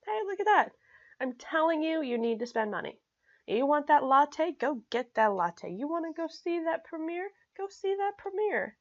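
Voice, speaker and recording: A woman explaining personal finance in a casual, energetic way, often checking in with "okay?" and speaking bluntly and emphatically. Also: medium pitch, creaky, lo-fi sound. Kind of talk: casual explanatory talk to camera.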